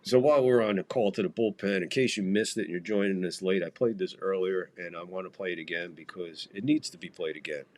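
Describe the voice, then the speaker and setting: Profane, low-voiced baseball podcast host. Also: male voice, fast, hardly any pauses, a little mellow. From United States. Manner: profane, rambling, jokey. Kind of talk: casual live game commentary.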